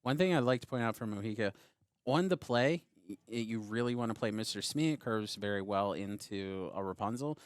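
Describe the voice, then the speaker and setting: A man commentates on a card game match, explaining each play step by step. His voice sits fairly low, and the sound is dry and close to the mic. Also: expressive, fairly quick, clean tone, dry recording. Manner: explanatory, walks through plays step by step.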